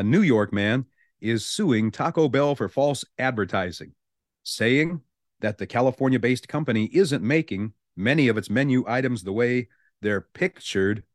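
A man's voice: mid-range voice, dry recording. A male radio show host, chatting casually on a studio mic and reading out the news with amused asides. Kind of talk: morning radio talk.

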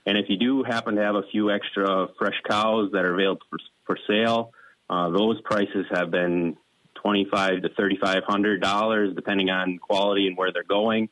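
Deep-voiced, plain-spoken man. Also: steady tone, a bit bright, no room sound, poor audio. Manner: plain-spoken, measured, businesslike. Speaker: dairy lending specialist guest. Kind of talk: radio interview.

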